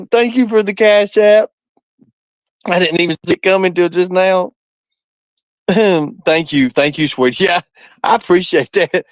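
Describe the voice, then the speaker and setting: A man's voice: high voice, measured pace, long pauses, no room sound. A man chatting on a live stream, laughing constantly and cursing freely. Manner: laughing nonstop, profane. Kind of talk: casual live-stream chat. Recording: dull lo-fi dry sound.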